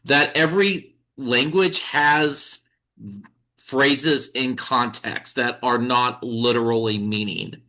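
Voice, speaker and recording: A man's voice: mid-range voice, bright, forceful tone, rough recording. A man who teaches English giving a confident impromptu speech at a club meeting.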